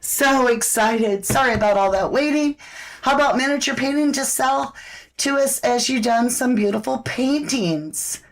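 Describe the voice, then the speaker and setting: Slow-talking chatty woman host. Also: high voice. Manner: chatty, folksy, reads out viewer comments. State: out of breath. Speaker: host selling products on a live stream. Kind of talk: casual live-stream product talk.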